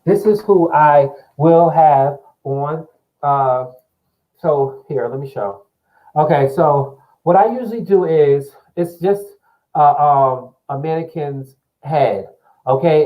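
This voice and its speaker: A man's voice: fairly high pitch, phone-quality sound. Rambling man vlogging to camera. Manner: loose, meandering, full of fillers and restarts. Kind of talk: rambling casual chat to camera.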